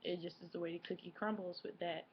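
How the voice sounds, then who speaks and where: A woman's voice: lowish voice, steady tone, quick pace, muffled recording, a little hiss or hum. A woman in her twenties chatting casually to camera as a vlogger, rambling with lots of fillers and self-corrections. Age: 20s.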